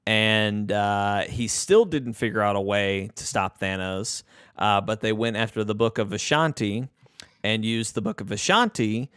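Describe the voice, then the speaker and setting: A man co-hosting a podcast, casually recapping a film plot in a relaxed, rambling way. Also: fairly low pitch, a little slow, clear, resonant tone, no room sound, clean studio sound. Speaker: podcast co-host. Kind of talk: casual movie recap chat.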